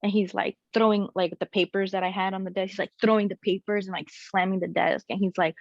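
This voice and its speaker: Woman, young adult, candid storytelling, lots of "like" fillers, medium pitch, slightly muffled dry sound. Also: quick pace, vocal fry, few pauses, no room sound. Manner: animated, frequent "like" and "you know" fillers. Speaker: guest sharing her story.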